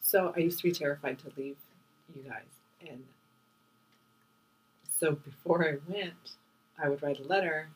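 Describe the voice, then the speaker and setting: A middle-aged woman, a mother co-hosting a podcast, speaking softly and reflectively about the past. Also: deep voice, a little slow, long pauses, slightly rough. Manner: soft-spoken, emotional, reflective. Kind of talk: casual chat. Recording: distant mic with faint hum.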